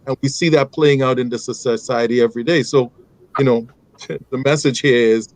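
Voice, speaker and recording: Measured man giving firm advice. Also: medium pitch, no echo, poor audio. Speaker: guest father. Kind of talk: panel discussion advice.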